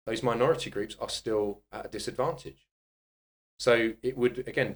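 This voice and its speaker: Blunt, swearing middle-aged man. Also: lowish voice. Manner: blunt, swears freely, animated anecdotes. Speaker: guest, personal trainer and author. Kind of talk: candid conversational storytelling.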